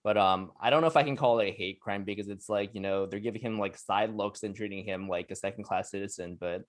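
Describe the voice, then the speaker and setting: A young adult man co-hosting a casual podcast chat, measured and hedging as he weighs his words. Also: fairly low pitch. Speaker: podcast co-host.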